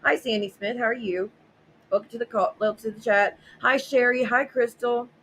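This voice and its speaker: A woman's voice: a little high, fairly even intonation, normal speed, a bit bright, slight background noise, low-quality recording. A woman hosting a casual livestream, reading viewer messages aloud and reacting bluntly and sarcastically, with frequent swearing. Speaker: livestream host.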